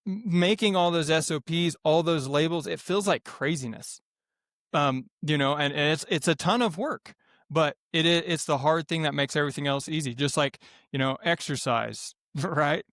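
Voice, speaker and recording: Farm guy in a podcast chat, kinda high voice, keeps restarting sentences, dry close mic. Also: normal speed, dry recording. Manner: rambling, many restarts, animated when quoting others. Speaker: greenhouse farm owner, guest. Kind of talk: casual podcast interview.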